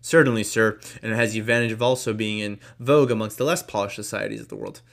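A man reading the lines of a proud, aloof young gentleman who answers coldly and curtly. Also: fairly low pitch, fairly even intonation, fast, creaky.

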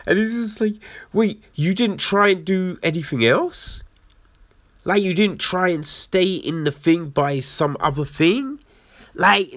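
A man giving a casual, profane book review, exasperated and acting out the characters' lines in quick asides. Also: medium pitch. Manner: exasperated, profane, animated storytelling.

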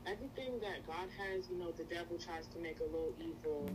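A woman's voice: lowish voice, brisk, noisy background. A woman guest in a casual faith chat, answering in a hesitant, thoughtful way with many fillers.

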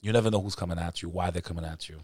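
A man's voice: low-pitched, steady tone, darkish tone, dry recording, clean studio sound. A man hosting a casual podcast, giving reflective advice in a laid-back street manner and often saying "man". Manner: fast, reflective street talk, says "man" a lot. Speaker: podcast host.

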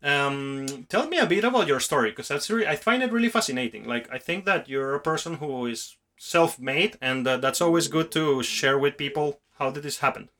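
Guy hosting a podcast, kinda high voice, rambly, restarts a lot. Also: expressive, normal speed, few pauses, pushed and bright. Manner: rambling, restarts often, talks in long musings. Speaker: podcast host. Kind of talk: casual podcast conversation.

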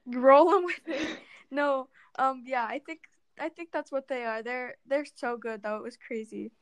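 A woman's voice: a little high, fairly even intonation, moderate pace, clear, resonant tone, no echo. A teenage girl co-hosting a podcast, rambling in an upbeat, casual way. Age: teens. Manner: upbeat, rambling, easy laughter. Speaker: podcast co-host. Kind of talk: casual chat.

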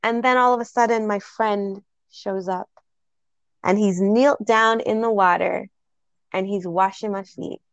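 A woman's voice: mid-range voice, steady tone, measured pace, smooth, dry recording, highs cut off. A woman hosting a casual spiritual podcast, telling heartfelt stories and laughing often. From Jamaica. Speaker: podcast host.

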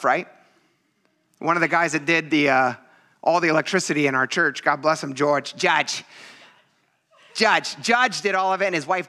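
Casual, animated male preacher, high and bright-toned, acting out the scenes as he teaches. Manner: animated, conversational, acts out quoted voices. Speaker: pastor. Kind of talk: sermon.

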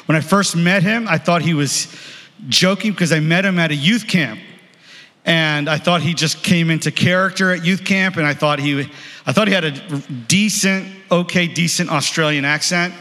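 A man's voice: fairly high pitch, normal speed, bright, forceful tone. A man leading a church service, introducing a guest speaker in a rambling, friendly way. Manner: rambling, friendly, full of fillers. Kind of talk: church announcements. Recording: reverberant church hall.

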